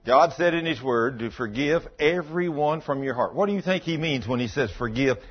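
A man's voice: animated, normal speed, husky. A man preaching a sermon, telling stories in a folksy way and acting out the dialogue. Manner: folksy, acts out dialogue, drops to low intense tones. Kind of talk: sermon storytelling. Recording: dull lo-fi sound.

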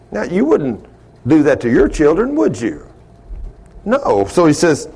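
A man's voice: fairly high pitch, big pitch swings, measured pace, slightly rough. Folksy male preacher telling stories. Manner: folksy, laughs at his own stories; big swings from loud to hushed. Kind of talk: sermon storytelling.

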